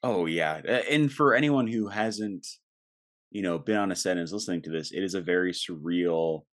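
Male podcast host, low-pitched, upbeat and talkative. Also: moderate pace, a bit bright. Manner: enthusiastic, chatty, laughs easily. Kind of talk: casual podcast chat.

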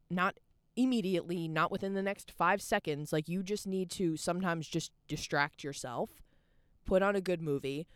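A woman's voice: on the low side, clean tone, dry recording, studio quality. A young woman hosting a podcast, talking candidly in a casual, rambling monologue full of "like" and restarts, at home. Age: young adult. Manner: candid and rambling, heavy use of "like". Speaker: podcast host.

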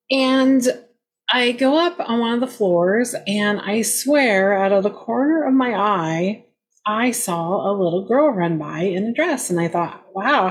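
Woman, paranormal investigator, casual roundtable storyteller; raspy-edged voice, loose and chatty with lots of fillers. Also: mid-range voice. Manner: rambling, many fillers, laughs often.

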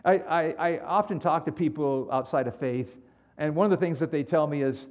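A man preaching a sermon as pastor, animated and acting out the people in his stories. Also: fairly high pitch, a little fast, narrow, tinny audio. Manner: animated storytelling, acts out quoted dialogue.

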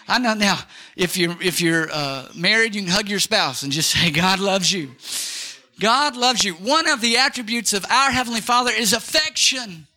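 A male pastor preaching an energetic sermon, leading the congregation in call-and-response. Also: high-pitched, moderate pace.

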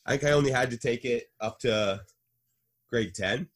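A man's voice: medium pitch, moderate pace. A young man from Canada, a podcast guest, bantering casually with lots of swearing. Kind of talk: casual chat.

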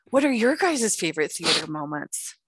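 Lower-voiced woman telling a casual anecdote. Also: moderate pace, husky, no room sound. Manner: relaxed anecdotal storytelling with fillers. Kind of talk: casual chat.

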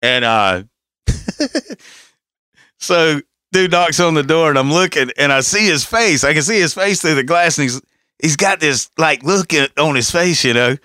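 A man's voice: fairly high pitch, animated, a little slow, pushed and bright, clear, resonant tone, dry recording, studio quality. A man telling profane stories in casual chat, often laughing as he talks. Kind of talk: casual storytelling.

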